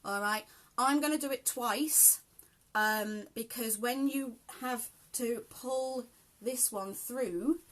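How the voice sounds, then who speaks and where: A woman's voice: on the high side, slow, a bit bright. A British woman chatting casually in a rambling way while she sews, with lots of ums and laughs. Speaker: sewing vlogger. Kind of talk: casual chat while sewing.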